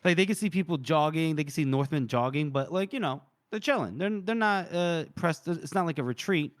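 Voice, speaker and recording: Higher-ish smooth guy on a podcast, retelling the story and doing little character voices, dry close mic. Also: a little fast, no room sound. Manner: animated retelling, acts out characters' lines, laughs often. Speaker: podcast co-host. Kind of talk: casual book discussion.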